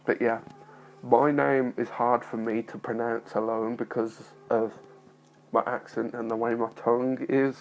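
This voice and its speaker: Nervous young man with a gravelly voice. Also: mid-range voice, little pitch movement, unhurried, poor audio. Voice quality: mild speech impediment. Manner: nervous, apologetic, rambling with many fillers. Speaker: vlogger. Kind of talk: casual talking-to-camera vlog. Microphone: phone.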